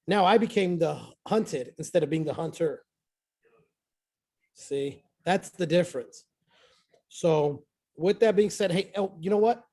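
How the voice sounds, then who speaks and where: In a casual motivational talk, a man with a voice on the high side tells his team a success story. He's excitable and repeats phrases for emphasis.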